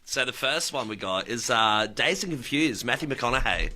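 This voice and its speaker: A man's voice: mid-range voice, lively intonation, moderate pace, very noisy. A man co-hosting a radio breakfast show, chatting casually and laughing often as he shares movie facts. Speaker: radio co-host, movie buff.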